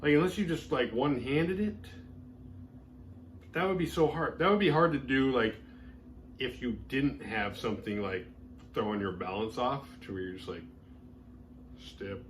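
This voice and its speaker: A man's voice: mid-range voice, normal speed, long pauses, slight background noise. A man hosting a horror movie review show, recapping a film in a casual, rambling way with lots of filler words. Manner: rambling, heavy use of "like" fillers.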